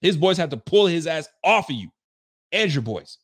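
Excitable man ranting about football. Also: fairly high pitch, normal speed. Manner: excitable, ranting, laughs often. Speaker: sports fan commentator. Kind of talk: casual reaction commentary.

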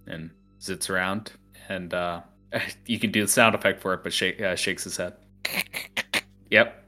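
A deep-voiced man running a tabletop game as its game master. He describes scenes in a relaxed, unhurried way, with frequent fillers, over faint music.

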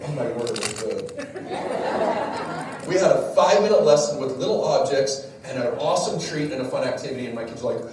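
Lively man giving a talk in an echoey hall. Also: medium pitch, fairly quick, crowd noise, noisy background. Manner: lively storyteller, jokes at his own expense. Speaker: speaker at a church parenting talk. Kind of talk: live devotional talk to an audience. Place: large echoey room with a live audience. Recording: echoey hall recording from far off.

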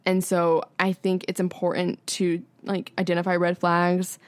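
Candid, low-voiced woman guest. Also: completely flat delivery, a little slow, dry recording. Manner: candid, swears freely, fillers like "like". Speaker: podcast guest. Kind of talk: casual chat.

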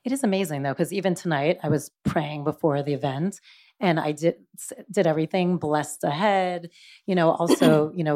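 A woman's voice: low-pitched, normal speed, a little mellow. A woman hosting a live event, interviewing a guest in a playful, chatty way. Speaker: host.

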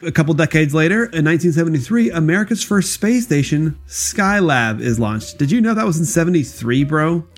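A man's voice: fairly high pitch, animated, brisk, few pauses, soft background music. A young man co-hosting a casual comedy podcast, jokey and laughing often. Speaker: co-host.

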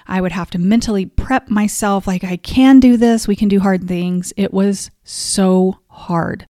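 A woman's voice: medium pitch, little pitch movement, measured pace, dark tone, no echo, clean studio sound. A woman hosting a podcast, telling a personal story in a heartfelt, confessional way, at times openly emotional. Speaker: podcast host.

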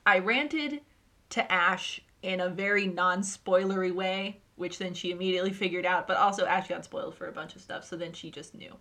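A woman talking casually on a podcast, animated and swearing as she rants about a show. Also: fairly low pitch, normal speed. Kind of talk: casual chat.

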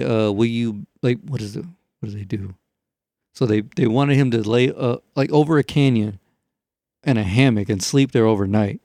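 In a casual chat, a man with a mid-range voice retells a story in a rambling, profane, animated way, packed with fillers. The sound is dry and studio-clean.

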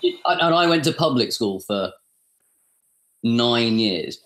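A man with a trained, polished British received pronunciation accent talks casually and self-deprecatingly. His voice sits at an ordinary middle pitch and he tells stories in a loose, chatty way. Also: lively intonation, takes it slowly, a bit bright. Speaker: guest voice actor. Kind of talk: casual chat.

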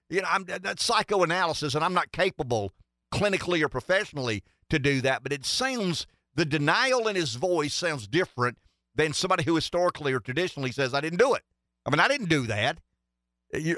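A man's voice: on the high side, pushed and bright, no echo, clean studio sound. A man giving emphatic political commentary on a talk show, stacking rhetorical questions and repeating himself for emphasis.

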